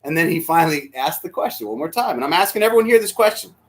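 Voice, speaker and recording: An emotional male pastor preaching in a church, his voice high and swinging widely in pitch. He drops to hushed near whispers, then climbs to shouts. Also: sing-song, rapid-fire. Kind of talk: sermon. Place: church sanctuary.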